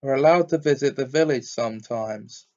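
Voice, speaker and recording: A man's voice: medium pitch, moderate pace, darkish tone, muffled recording, close to an everyday voice. A man voicing a coldly defiant teenage boy. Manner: bitter, cold, grimly defiant. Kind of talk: audiobook character reading.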